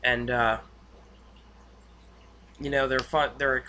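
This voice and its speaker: A man giving a casual, rambling spoken recap of a TV episode, full of fillers and excited asides. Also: medium pitch, takes it slowly, a little hiss or hum. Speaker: TV episode reviewer.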